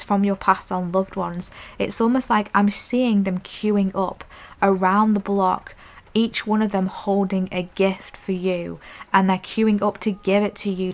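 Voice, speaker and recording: A woman giving a soft, affirming pick-a-card tarot reading, often checking in with "okay?" and "I'm hearing.". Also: medium pitch. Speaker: intuitive tarot reader.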